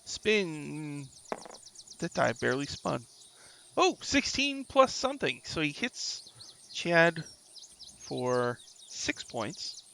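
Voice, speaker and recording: A man running a tabletop game as dungeon master, thinking aloud in an unhurried way. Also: on the high side, big pitch swings, creaky, sharp tone, slight background noise.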